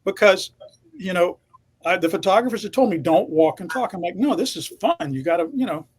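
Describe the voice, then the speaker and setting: A man's voice: high voice, expressive, fairly quick, husky. A man in his sixties, a veteran TV reporter, telling a confident, emphatic story from his career. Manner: confident, emphatic anecdote teller. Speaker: TV reporter guest. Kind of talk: storytelling in interview.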